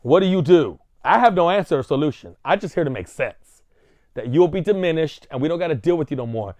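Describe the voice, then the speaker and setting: High-voiced man ranting on a vlog. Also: darkish tone, no room sound. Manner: provocative, repeats rhetorical questions. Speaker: vlogger. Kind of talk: ranting monologue.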